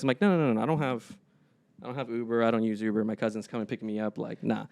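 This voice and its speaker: A young podcast co-host with a mid-range voice tells stories in casual chat, animatedly voicing the people in them. He talks at a racing pace with fairly even intonation, and his tone is gravelly yet a little mellow.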